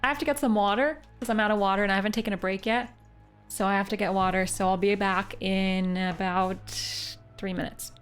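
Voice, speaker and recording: A woman's voice: mid-range voice, fairly quick, clear, resonant tone, faint music behind. A chatty young woman from Canada streaming a video game live, talking to her chat and giggling. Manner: chatty, giggly, bursts into excited squeals.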